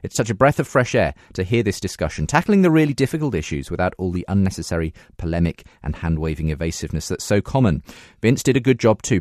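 A man's voice: sits low, a little mellow, dry recording, studio quality. A man hosting a radio show, reading listener emails aloud with frequent "uh" fillers. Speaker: radio host. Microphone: studio microphone.

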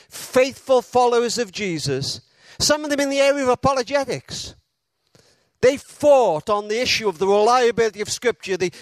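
This sermon comes from a man whose voice is notably high; he is a preacher who uses dramatic pauses in his storytelling and puts real feeling into the quotes. Dry audio with no room echo.

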